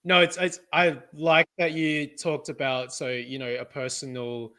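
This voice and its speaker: Young male podcast co-host, casual storyteller with a bright, raised voice. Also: on the high side, level tone, unhurried. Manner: chatty storyteller, laughs often, acts out relatives' voices. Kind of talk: casual chat.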